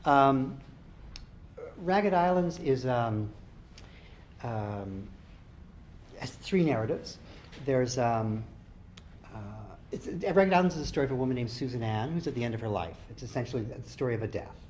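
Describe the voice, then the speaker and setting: A man introduces his own novel to an audience before a reading. He talks in a hesitant, informal way, stopping often to restart a sentence. His pitch is ordinary but it moves up and down a lot. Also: animated, normal speed, pauses often, darkish tone, slight background noise. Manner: hesitant, lots of ums and restarts. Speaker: author. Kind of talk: author reading and talk.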